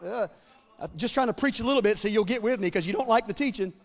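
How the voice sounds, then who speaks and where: A man preaching an impassioned sermon, acting out biblical dialogue in casual voices and building to near-shouting peaks. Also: high voice, quick pace. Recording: long hall reverb.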